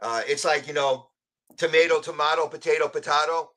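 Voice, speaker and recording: A man from New York with a New York accent, chatting casually as a guest on a live stream, telling stories in an animated way. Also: fairly high pitch, brisk.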